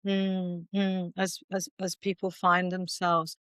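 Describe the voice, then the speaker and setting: A woman's voice: on the low side, flat delivery, slow, fairly bright tone, smooth, no room sound, studio quality. A woman, an integrative clinician hosting the interview, musing reflectively on her approach to patients.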